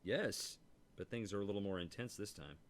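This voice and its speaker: A man's voice: lowish voice, a little fast, close to an everyday voice. A man voicing a cocky, flirtatious stagehand. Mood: matter-of-fact. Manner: cocky, teasing, then curt. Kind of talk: video game voice acting.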